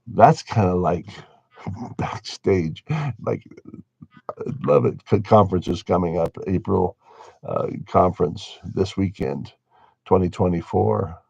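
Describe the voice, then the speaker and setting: Low gravelly man musing wryly. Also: mellow, no room sound. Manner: wry, musing, laughs at his own points. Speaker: religious commentator. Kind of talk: casual spoken monologue. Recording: dull lo-fi dry recording.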